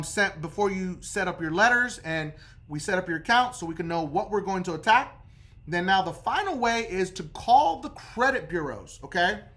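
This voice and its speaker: A man's voice: high voice, fairly bright tone. A man explaining credit repair steps in a casual, direct how-to talk. He keeps checking in with the listener, dropping "okay?" after nearly every point.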